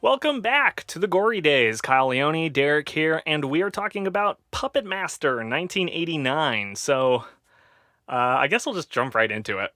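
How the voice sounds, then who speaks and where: Male podcast host, bright animated delivery, lively pitch, dry close mic. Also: normal speed, no room sound. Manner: lively, animated, plays the show's announcer. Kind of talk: casual podcast chat.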